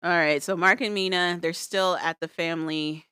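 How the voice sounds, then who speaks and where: Speaking at a moderate pace in a smooth, fairly low voice, this woman co-hosts a podcast and casually recaps reality shows. She animatedly performs people's quotes with playful voices, recorded cleanly in a studio without echo.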